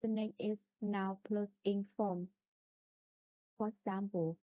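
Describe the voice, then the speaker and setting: Woman, pronunciation lesson, slow careful delivery, dry thin phone-like sound. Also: mid-range voice, level tone, dry recording. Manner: slow, careful listing of examples. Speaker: student presenter.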